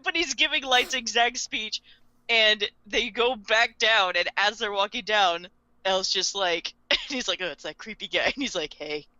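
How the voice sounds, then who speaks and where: A woman's voice: mid-range voice, unhurried, pushed and bright, dry recording, highs cut off. A woman co-hosting a casual podcast chat, retelling scenes with giggles and acted-out quotes. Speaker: podcast co-host.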